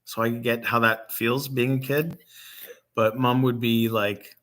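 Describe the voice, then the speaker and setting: Halting, emotional middle-aged man from Michigan. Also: medium pitch, level tone, a bit bright. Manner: halting, many pauses and ums, voice catching with emotion. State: emotional, near tears. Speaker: grieving father and vlog host. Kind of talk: unscripted casual talk to camera.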